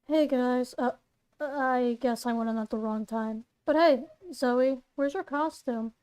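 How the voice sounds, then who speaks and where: A woman voicing a laid-back teen boy who talks in a slow, low-key drawl. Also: darkish tone, smooth.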